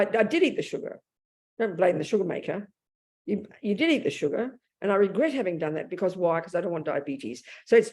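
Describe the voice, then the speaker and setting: A woman's voice: fairly low pitch, a little mellow. A woman in her seventies, a Buddhist nun teaching a dharma talk in a blunt, plain-spoken way, often restarting her sentences and acting out inner thoughts. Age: 70s. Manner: acts out inner speech vividly.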